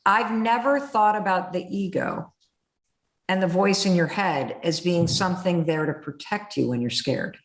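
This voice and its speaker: A woman hosting a podcast interview, telling stories in an animated, blunt way and cursing freely. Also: lowish voice, moderate pace, echoey room. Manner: animated storyteller who acts out inner voices, blunt and swears freely. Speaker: podcast host. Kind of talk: candid conversational interview.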